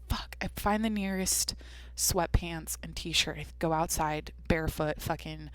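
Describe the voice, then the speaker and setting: A woman's voice: fairly low pitch, bright, forceful tone, no echo. A young woman hosting a solo podcast, telling a rambling story full of swearing, restarts and asides. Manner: rambling, profane, self-interrupting storytelling. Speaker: podcast host.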